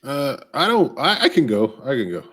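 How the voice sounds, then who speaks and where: A man of middle pitch improvises a comic tale over a video call. His pitch swings widely as he goes, and he often stalls on fillers before pushing ahead. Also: very animated, fairly bright tone. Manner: halting, with many fillers. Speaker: guest author.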